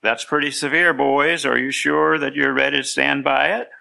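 Man doing a calm, firm young schoolteacher. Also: medium pitch, normal speed, vocal fry, clean tone, pitched above the performer's own voice, heavily acted. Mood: firm, kindly.

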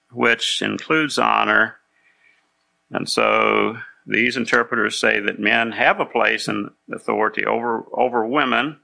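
A man's voice: mid-range voice, gravelly, bright, forceful tone. A man preaching a sermon in a conversational way, patiently explaining and checking that his listeners follow. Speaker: pastor.

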